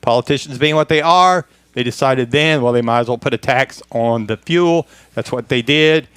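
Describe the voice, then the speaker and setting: A man's voice: medium pitch, moderate pace, fairly bright tone, clean tone, no room sound. A man presenting a history segment on a radio car talk show, reading from a script with a good-humored chuckle.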